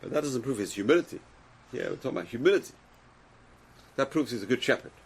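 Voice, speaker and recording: A man's voice: medium pitch, lively intonation, fast, slightly rough. A man teaching a Torah class who reads Hebrew texts aloud, translates them, and asks the class rhetorical questions.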